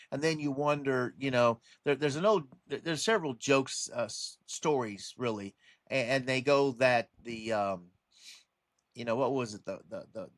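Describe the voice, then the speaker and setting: A man's voice: mid-range voice, a bit bright, dry recording. Rambling man in a dry, close vlog. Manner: rambling, with many restarts and fillers, warning tone. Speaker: religious commentary vlogger. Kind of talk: casual monologue.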